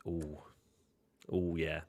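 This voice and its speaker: A man's voice: rumbling low, level tone, drawn-out words, creaky, a little mellow. A British man hosting a casual livestream watchalong, upbeat and jokey as he reads out viewer comments.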